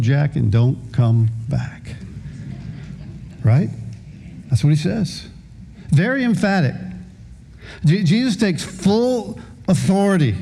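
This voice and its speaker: A man in his fifties preaching a sermon as pastor, with a halting delivery full of repeated words. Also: on the high side, mellow.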